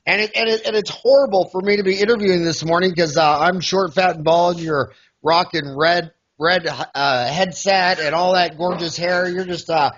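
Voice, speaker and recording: A man's voice: high voice, fairly even intonation, moderate pace, fairly bright tone, lo-fi sound, a little hiss or hum. A man from the United States hosting an interview in a joking, rambling way with many fillers. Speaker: podcast host. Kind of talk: casual interview.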